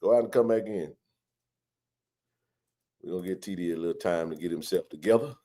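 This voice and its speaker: A man's voice: low-pitched, brisk, warm tone. A man hosting a live sports chat stream, joking loosely and greeting viewers by name.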